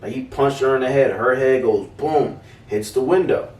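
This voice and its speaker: Animated storytelling man, roomy far mic. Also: medium pitch, moderate pace. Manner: animated, swearing, acts out quoted voices. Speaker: podcast co-host. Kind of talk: casual storytelling.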